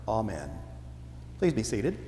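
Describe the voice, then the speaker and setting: A man's voice: lowish voice, huge pitch swings, takes it slowly, dark tone, slight background noise. A man preaching a sermon as pastor, telling stories in a folksy, playful way to his congregation. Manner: folksy storytelling with playful voices. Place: church sanctuary. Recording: church hall reverb.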